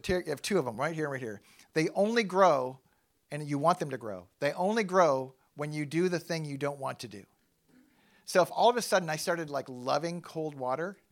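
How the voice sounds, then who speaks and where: A middle-aged man giving a casual, animated sermon to a live church audience, self-deprecating and thinking aloud with frequent restarts. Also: fairly high pitch. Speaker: pastor.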